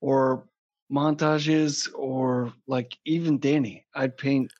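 A man's voice: mid-range voice, fairly even intonation, slow, darkish tone. A man chatting casually as a podcast guest, joking crudely and rambling. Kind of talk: casual chat. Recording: dull lo-fi sound.

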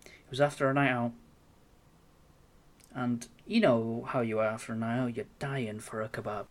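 A young man telling a story in casual chat, animated, sweary and self-mocking. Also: medium pitch, normal speed. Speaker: podcast co-host.

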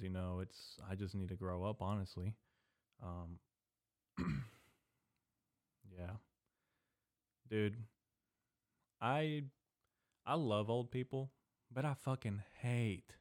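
Low-voiced profane young man rambling. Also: dry recording, clean studio sound. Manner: rambling, profane, swings between mumbling and loud venting. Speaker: podcast host. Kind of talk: casual solo podcast rant. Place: small indoor room. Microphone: desk microphone.

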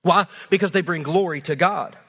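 A man's voice: high-pitched, moderate pace, a bit bright, breathy edge. A man in his thirties preaching a sermon as pastor, earnest and conversational, repeating phrases for emphasis.

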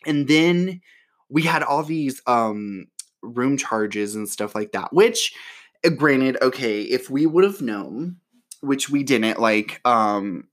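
A man telling a story in a casual, sassy way, full of "like", his voice leaping up when he gets excited. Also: takes it slowly. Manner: chatty and sassy, heavy use of "like"; animated, with voice jumping high when excited.

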